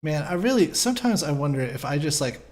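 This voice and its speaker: A man's voice: a little high, big pitch swings, fast talker, darkish tone. A man hosting a casual live podcast, rambling and self-deprecating, laughing often as he sets things up. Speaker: podcast host.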